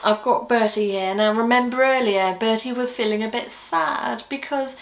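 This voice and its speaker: A woman's voice: fairly high pitch, normal speed, gravelly, echoey room. A woman giving a friendly, chatty puppetry training talk for a children's ministry video. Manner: friendly, encouraging, chatty with laughs.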